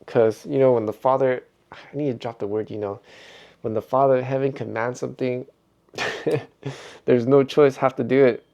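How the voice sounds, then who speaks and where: A man's voice: mid-range voice, steady tone, moderate pace, vocal fry, a little mellow. A middle-aged man vlogging in a rambling, reflective way, chuckling often as he talks. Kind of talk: casual vlog monologue.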